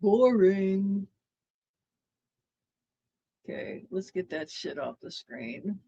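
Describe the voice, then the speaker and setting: A woman's voice: medium pitch, lively intonation, drawn-out words, creaky, mellow, breathy edge, muffled recording. A woman hosting a livestream, giving blunt, laid-back comments. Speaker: livestream host. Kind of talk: casual stream commentary.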